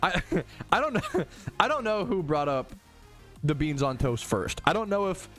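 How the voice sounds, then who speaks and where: A young American man ranting casually and profanely to his stream chat, heated and animated. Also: sits high, measured pace, soft background music. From United States.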